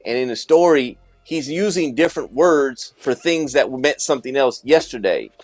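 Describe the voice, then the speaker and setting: A man at a mid pitch tells stories in a relaxed chat with a friend. He slips into the voices of the people he quotes and breaks into laughter along the way. The sound is close and dry. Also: moderate pace, dry recording. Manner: animated, acts out quoted dialogue, laughs often. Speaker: podcast co-host. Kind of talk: casual storytelling chat.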